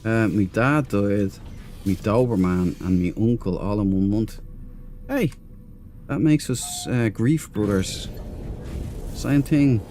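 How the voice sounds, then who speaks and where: A dark, lowish voice takes its time here, with long pauses and faint music behind it. The speaker is an Irish man streaming a space game, chatting loosely with viewers and his in-game crew as he plays.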